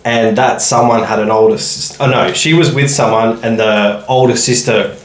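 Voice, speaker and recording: A man's voice: medium pitch, steady tone, normal speed, reverberant, slight background noise. A man with an Australian accent co-hosting a casual podcast, chatting in a laid-back, sweary way. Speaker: podcast co-host.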